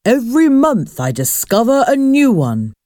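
A woman voicing a boastful, hot-tempered male Viking ghost chief who shouts his orders. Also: fairly low pitch, sing-song, slow, no room sound, clean studio sound, full character voice. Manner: shouting, commanding.

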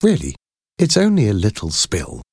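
A man voicing a kindly Victorian woman who speaks softly and politely. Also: on the low side, wildly swooping pitch, moderate pace, husky, dry recording, studio quality, exaggerated voice. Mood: gentle. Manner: soft, polite and gentle.

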